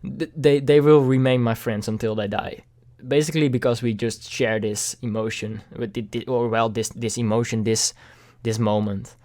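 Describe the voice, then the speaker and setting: A young man vlogging a candid personal story, halting and repeating words, with casual swearing. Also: medium pitch, fairly even intonation, a little mellow.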